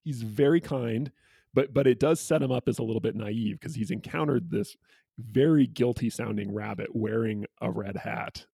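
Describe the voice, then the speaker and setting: A man co-hosting a casual book discussion, retelling a picture book and slipping into quick quoted voices. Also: medium pitch, gravelly, warm tone, husky, no room sound. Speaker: co-host.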